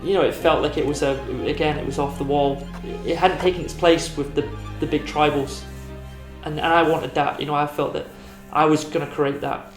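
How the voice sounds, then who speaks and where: A man's voice: on the high side, fairly even intonation, moderate pace, roomy sound, over music. A Scottish man from Edinburgh, a tattoo artist talking in a documentary interview, rambling and full of "you know". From Edinburgh, Scotland.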